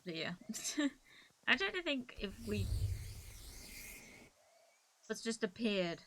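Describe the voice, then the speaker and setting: A woman's voice: a little high, very animated, slow, sharp tone, a little hiss or hum. A woman with a Cornish accent, chatting casually on a gaming live stream, giggling often and rambling.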